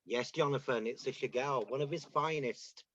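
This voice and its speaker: A man's voice: medium pitch, moderate pace, a bit bright, muffled recording, close to an everyday voice. A man playing a devoted gallery regular who hesitates and repeats words, then gushes about paintings, in an amateur stage drama. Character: enthusiastic male art-loving gallery regular.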